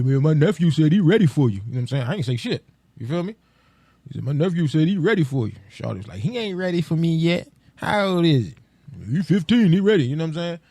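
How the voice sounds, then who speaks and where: A man's voice: medium pitch, warm tone, no room sound. A man hosting a solo podcast, ranting casually in profane street slang with loose, rambling restarts. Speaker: podcast host.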